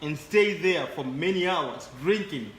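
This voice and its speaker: A man's voice: a little high, animated, measured pace, roomy sound, slight background noise. A man talking as a guest in a casual chat, often repeating words as he builds his points.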